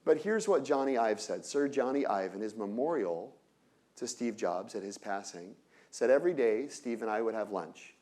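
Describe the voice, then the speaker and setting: A man giving an energetic lecture on innovation to an audience, often asking rhetorical questions and breaking off into quick asides. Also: lowish voice. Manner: energetic, peppered with rhetorical "right?"; asides and self-corrections.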